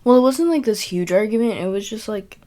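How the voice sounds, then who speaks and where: A woman's voice: mid-range voice, expressive, a little fast, warm tone. A young woman telling a personal story in a casual, rambling way, full of fillers and self-corrections. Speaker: podcast host.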